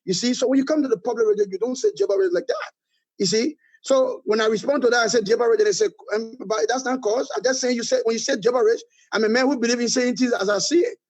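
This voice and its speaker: High-voiced Liberian man, emphatic. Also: quick pace, few pauses, poor audio. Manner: emphatic, repeats points for force. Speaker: political movement leader, guest. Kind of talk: interview answers, political criticism.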